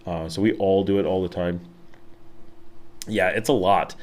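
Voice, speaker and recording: A man's voice: lowish voice, normal speed. A middle-aged man with a Buffalo, Western New York accent, chatting casually on a live stream, rambling with many fillers and restarts. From Western New York, USA. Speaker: livestream host. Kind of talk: casual live-stream chat reading viewer comments.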